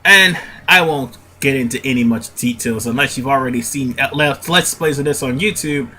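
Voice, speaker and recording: A man's voice: mid-range voice, normal speed, pushed and bright, husky. A man with a stuffy nose giving casual gameplay commentary as a let's play host. He rambles and often stops to correct himself.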